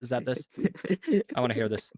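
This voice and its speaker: A man's voice: mid-range voice, flat delivery, brisk, dry recording, clean studio sound. A man who works as a voice actor, rambling easygoing to his chat during a live stream.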